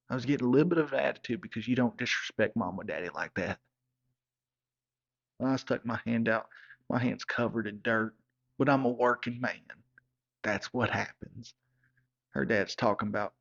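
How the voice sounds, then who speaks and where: A man's voice: mid-range voice, normal speed, vocal fry, long pauses, fairly bright tone. Folksy man telling a comic story. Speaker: comedic storyteller. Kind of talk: comedic character monologue. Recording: slightly dull lo-fi sound.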